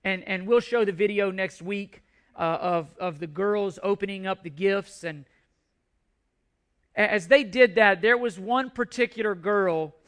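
A man's voice: high-pitched, unhurried, fairly bright tone, smooth. A man preaching a sermon as a pastor, telling a story earnestly and often restarting his sentences. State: emotional at times.

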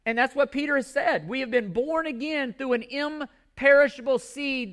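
A man's voice: extremely high pitch, moderate pace, few pauses, a bit bright. A male pastor delivering a sermon to his congregation in a church, emphatic and repeating key words for stress.

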